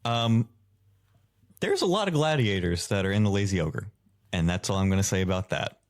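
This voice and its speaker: Deep-voiced man running a tabletop game. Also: moderate pace, no echo, studio quality. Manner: relaxed, filler-heavy narration. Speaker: game master.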